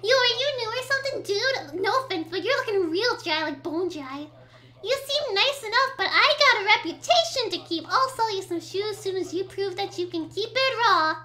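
A woman's voice: very high-pitched, lively intonation, normal speed, sharp tone, heavily acted. A woman reading the lines of a cocky male sea-creature shoe shopkeeper in a video game, with a slangy, laid-back swagger. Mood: smug. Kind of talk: reading game dialogue aloud.

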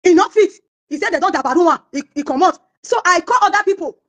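A woman's voice: very high-pitched, lively intonation, fast, fairly bright tone, muffled recording. A Nigerian woman singer in an interview, telling a story and acting out the words of the people in it. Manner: acts out quoted voices of others while telling stories.

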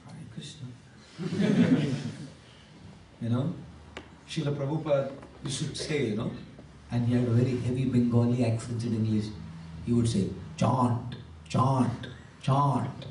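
A man's voice: mid-range voice, fairly even intonation, normal speed, pauses often, background noise. A man giving an emphatic motivational talk to a live audience, repeating key words and asking the crowd questions. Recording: echoey hall, voice from a distance.

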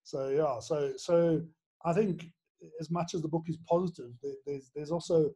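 A middle-aged man, a former headmaster and author, reflecting in an interview with many pauses and restarts. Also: fairly high pitch, steady tone, mellow. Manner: halting, many restarts, earnest and emotional.

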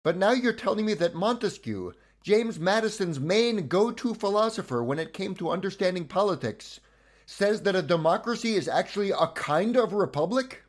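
A man's voice: high voice, lively intonation, normal speed, pitched above the performer's own voice. A man voicing a puzzled skeptical viewer. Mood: incredulous. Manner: incredulous, questioning.

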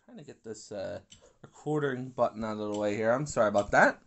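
A man's voice: on the low side, fairly quick, fairly bright tone. A young man giving grumpy, rambling commentary while playing an online pool game, swearing and complaining at his opponents. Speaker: gaming YouTuber. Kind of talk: casual gameplay commentary.

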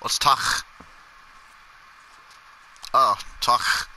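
A man playing an online game with a friend, excitable, laughing and swearing as he chats. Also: very slow, slight background noise, rough recording. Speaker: gamer. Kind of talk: casual gaming chat.

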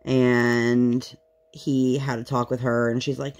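A woman's voice: a bass voice, steady tone, a little slow, darkish tone. Chatty woman telling candid home stories. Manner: candid, chatty storytelling with mock-voiced quotes. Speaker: craft vlogger. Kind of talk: casual chat while crafting. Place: home craft room.

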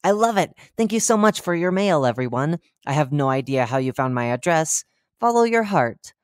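A reader voicing a cheerful, oblivious male radio talk-show host who chats brightly and drops deadpan dark jokes. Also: mid-range voice, moderate pace, no room sound, studio quality, natural voice. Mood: chipper. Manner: chipper, chatty broadcast patter with deadpan dark jokes. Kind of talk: horror fiction reading.

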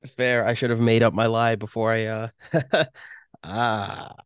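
A man playing a tabletop heist game, bluffing smoothly in character as he talks to the game master's characters. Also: mid-range voice, level tone, unhurried, dry recording. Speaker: player. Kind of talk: in-character tabletop role-play.

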